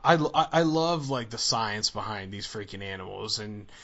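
A man in his thirties hosting a podcast, chatting casually and excitedly, often saying "dude" and "man". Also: on the low side, normal speed, lo-fi sound. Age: 30s. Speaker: podcast host.

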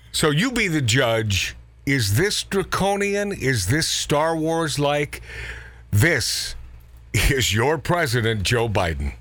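Slow-talking sarcastic radio host man. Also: a little high, animated, fairly bright tone, no room sound. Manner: sarcastic, joking, mocking. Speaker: radio talk show host. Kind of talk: casual talk radio.

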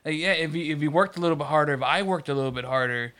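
A man's voice: on the high side, rapid-fire, a bit bright, clean tone. A man in casual chat, telling a long story about work with lots of restarts and swearing. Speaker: podcast co-host.

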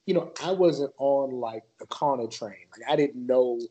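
A man's voice: mid-range voice, moderate pace, warm tone, dull audio. Laid-back chatty man from Maryland. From Maryland, USA. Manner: laid-back, loose and chatty, heavy on fillers. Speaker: podcast guest. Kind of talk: casual podcast chat.

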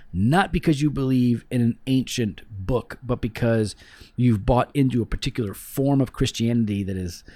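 A man's voice: medium pitch, darkish tone, no echo. A man co-hosting a podcast in casual chat, joking and sarcastic, sometimes preachy. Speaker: podcast co-host.

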